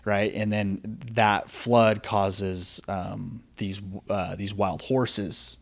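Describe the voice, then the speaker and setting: A man's voice: lowish voice, little pitch movement, extremely slow, creaky. A man in his thirties hosting a casual interview, talking loosely with lots of "dude" and "like". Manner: casual, says "dude" and "like" a lot. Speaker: podcast host.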